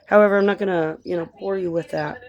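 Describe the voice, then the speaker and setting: A woman who grew up in Colorado, talking casually in a rambling vlog chat that drifts between tangents and gentle encouragement. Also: fairly low pitch, steady tone, quick pace, lo-fi sound. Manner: chatty, tangent-prone, encouraging. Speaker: vlogger and author.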